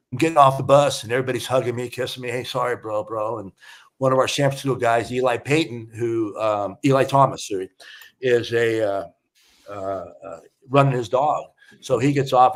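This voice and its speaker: An older man, a retired fire chief, telling a personal story in a casual interview and acting out the dialogue. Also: mid-range voice. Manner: emotional storyteller, acts out quoted dialogue. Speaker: podcast guest, retired fire battalion chief.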